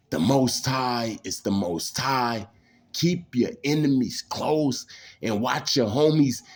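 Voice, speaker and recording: A man, telling personal stories in a rambling, intense way and saying "man" again and again. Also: medium pitch. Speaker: storyteller. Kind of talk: casual personal storytelling.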